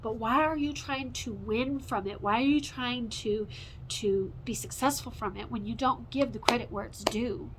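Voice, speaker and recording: A woman in her forties ranting in an unscripted, profane monologue, rambling and swinging between loud outbursts and low mutters. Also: normal speed, background noise. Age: 40s.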